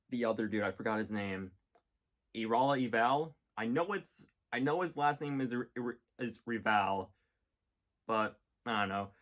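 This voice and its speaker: Dude rambling about cartoon episodes, jokey, lots of ums, medium pitch. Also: male voice. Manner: rambling, jokey, many fillers. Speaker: vlogger reviewing a cartoon series. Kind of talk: casual episode review.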